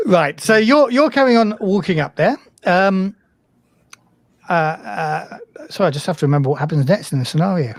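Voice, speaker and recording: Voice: medium pitch, expressive, normal speed, no room sound. Hesitant game master with a dry sound. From United Kingdom. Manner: hesitant, filler-heavy, self-deprecating. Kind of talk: narrating a tabletop game.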